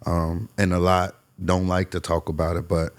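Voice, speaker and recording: A man's voice: sits low, flat delivery, moderate pace. Earnest man telling his story. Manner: earnest, repeats phrases for emphasis. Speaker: podcast guest. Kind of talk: candid personal story.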